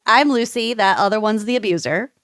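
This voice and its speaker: A woman's voice: mid-range voice, brisk, fairly bright tone, no room sound, clean studio sound. A woman co-hosting a podcast in casual chat, giggly and wry. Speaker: podcast co-host.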